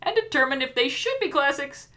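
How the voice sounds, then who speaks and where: A woman co-hosting a podcast in casual chat, playful and quick to laugh, with jokey asides. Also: high-pitched, sing-song, bright, forceful tone. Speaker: podcast co-host.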